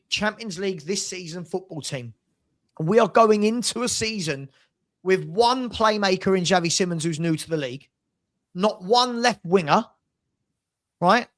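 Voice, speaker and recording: A man's voice: high voice, a bit bright. A man hosting a casual football fan chat, ranting in an exasperated way. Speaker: host.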